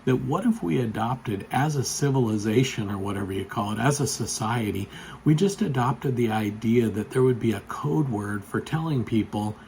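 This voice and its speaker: Vlogger, male, mid pitch, rambling casual storyteller, gets worked up and loud. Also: moderate pace, gravelly, a little hiss or hum, low-quality recording. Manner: chatty, rambling, with frequent fillers; gets loud and excited when telling the story.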